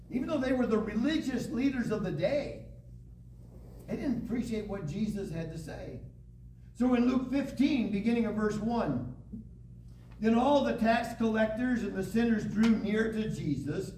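A man teaching a Bible lesson to a class, reading scripture aloud with dramatic pauses. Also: sits high, a little mellow. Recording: echoey room, distant mic, faint hiss.

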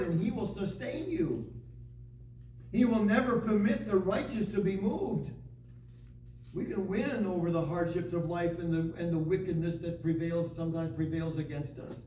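High-voiced preaching man in an echoey room. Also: mellow, distant mic, slight background noise. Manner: preaching with rising emphatic repetition, reading scripture aloud. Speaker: pastor. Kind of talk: sermon.

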